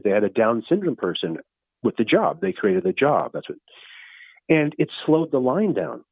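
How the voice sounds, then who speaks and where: A man's voice: medium pitch, no echo. A man in his fifties, a guest telling stories casually in a rambling way with many restarts. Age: 50s. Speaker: guest storyteller. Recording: tinny phone-like line.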